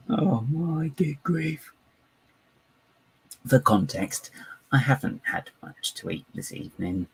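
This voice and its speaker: A man's voice: deep voice, vocal fry, darkish tone, slight background noise, poor audio. A man chatting live while building, rambling, giggly and self-mocking. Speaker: live-streaming LEGO builder.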